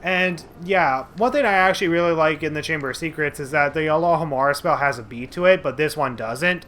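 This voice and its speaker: A man's voice: on the high side, a little fast, slight background noise. A man giving casual, rambling commentary over a video game he is playing at home, with lots of fillers and restarts. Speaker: let's play host.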